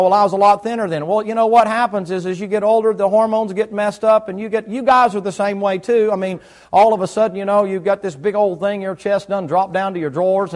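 A middle-aged man, preaching a folksy sermon in church and quizzing his listeners. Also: high voice. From United States South. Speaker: pastor.

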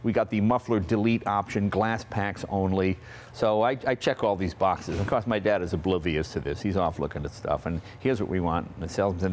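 A man in his sixties from Massachusetts, hosting and telling a casual, animated story about cars. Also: deep voice, a little fast, a little hiss or hum. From Massachusetts, USA. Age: 60s. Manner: chatty, animated, acts out family members' lines. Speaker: host.

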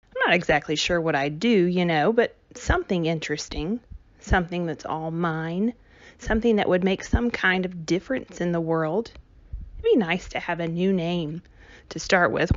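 A woman voicing a restless, headstrong young girl who speaks softly and wistfully. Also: on the low side, moderate pace, no room sound, highs cut off, lightly acted. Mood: confiding.

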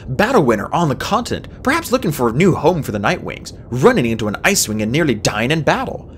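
A woman narrating a fantasy audiobook in an expressive storybook style. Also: fast, slight background noise. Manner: expressive, swings pitch widely.

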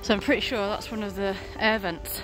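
A woman's voice: medium pitch, steady tone, a little fast, over music. A young woman casually narrating her narrowboat travel vlog, breezy and chatty, laughing often. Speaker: vlogger. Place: narrowboat and canal towpath.

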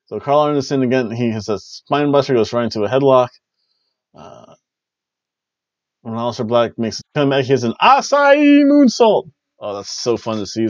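A man's voice: medium pitch, no echo. Rambling man recapping wrestling, lo-fi. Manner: rambling, jokey, repeats catchphrases. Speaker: wrestling review host. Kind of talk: casual spoken recap.

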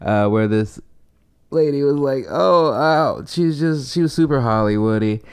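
A man hosting a podcast in casual chat, talking in a relaxed, halting way. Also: medium pitch, clear, resonant tone. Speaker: podcast host, comedian.

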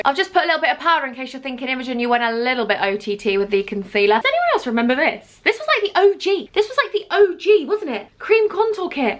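Woman, twenties, self-deprecating, excitable, beauty vlog chatter, higher voice. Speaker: beauty vlogger. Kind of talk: casual get-ready-with-me chat.

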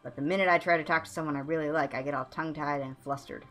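A woman's voice: low voice, fairly even intonation, racing, a bit bright, faint music behind. A woman voicing a lovesick young male bard who gushes in flowery, theatrical lines. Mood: dreamy. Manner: gushing, theatrical, sea metaphors.

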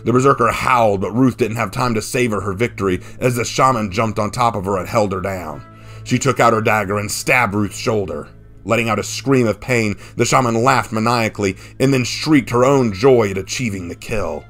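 A man narrating a fan-written action story in a steady, dramatic reading. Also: fairly low pitch, normal speed. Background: faint background music.

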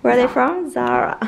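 A young adult woman vlogs to camera while getting ready at home, her voice a little high with vocal fry over a noisy background. She rambles in casual chat, filling it with lots of "like" and "yeah."

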